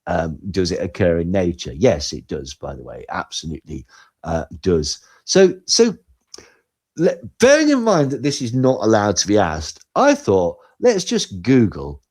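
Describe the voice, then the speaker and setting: A man co-hosting a podcast, talking in animated, sarcastic commentary that swings between loud and quiet. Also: deep voice, unhurried, slightly rough. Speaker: podcast co-host. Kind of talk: casual commentary chat.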